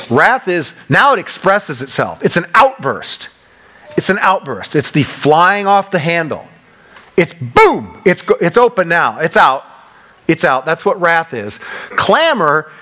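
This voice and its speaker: A middle-aged male pastor preaching a sermon, repeating key phrases and swinging between loud, emphatic bursts and quieter asides. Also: high-pitched. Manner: loud when passionate.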